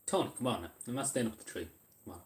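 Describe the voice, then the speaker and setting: A man's voice: medium pitch, animated, racing. An Irish man chatting casually on a live stream, answering chat and eating as he talks, rambling with lots of ums and restarts. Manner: eats while talking. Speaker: livestreamer reading chat.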